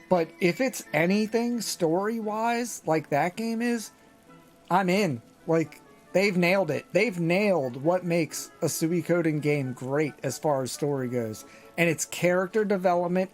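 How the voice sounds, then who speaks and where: A man streaming a game live, chatting in a relaxed, casual way with fillers. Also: a little high, unhurried, faint music behind. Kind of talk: casual live gaming chat.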